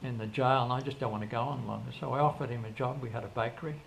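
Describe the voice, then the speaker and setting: Gravelly older man telling stories. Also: mid-range voice, fairly even intonation, rapid-fire. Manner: rambling, with frequent restarts and quoted dialogue. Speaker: interview guest. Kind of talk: casual storytelling in an interview. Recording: faint background noise.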